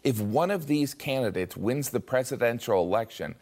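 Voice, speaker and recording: An American man giving scripted comic commentary, wry and deadpan, with mock-voiced asides. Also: medium pitch, normal speed. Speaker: comedy commentator.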